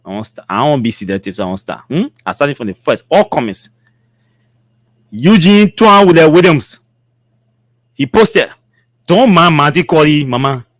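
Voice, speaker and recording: Man, Liberian English accent, talk host, high voice, dry close sound, mocking. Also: no echo. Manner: mocking, laughs between readings. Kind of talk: reading and commenting on social media posts. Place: studio.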